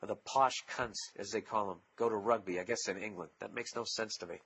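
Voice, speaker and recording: A man in his forties with a Boston accent, hosting a solo podcast in a profane, sarcastic comic rant that jumps up loud when he mocks people. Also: lowish voice, fairly even intonation, brisk, husky. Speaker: podcast host.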